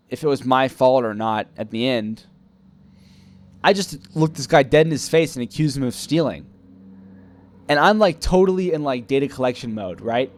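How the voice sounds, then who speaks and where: A young man rambling through a personal work story, self-critical, acting out quoted lines. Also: mid-range voice. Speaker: vlogger telling a personal story. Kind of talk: casual storytelling monologue.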